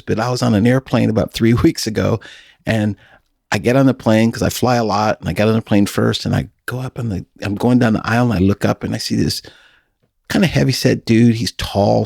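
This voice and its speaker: A middle-aged man hosts a casual podcast with a folksy, storytelling way of talking. His voice sits low and sounds dry and close to the mic. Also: fairly even intonation, a little fast, creaky, a little mellow, husky, dry recording. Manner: folksy, storytelling, laughs often. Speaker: podcast host.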